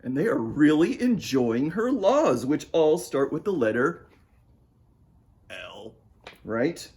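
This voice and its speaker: A man's voice: a little high, sing-song, takes it slowly, darkish tone, slight background noise. A man reading his picture book aloud at storytime, playful and talking straight to young listeners. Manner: playful, talks to young listeners and asks them to join in. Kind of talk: storytime read-aloud for children.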